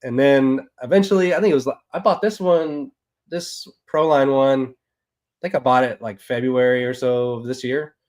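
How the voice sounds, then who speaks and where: A man's voice: mid-range voice, steady tone, moderate pace, darkish tone. A man from Texas with a Texan accent, a guest on a podcast, telling stories in an easygoing, rambling way with plenty of fillers. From Texas, USA. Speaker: guest, snake breeder. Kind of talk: casual podcast conversation.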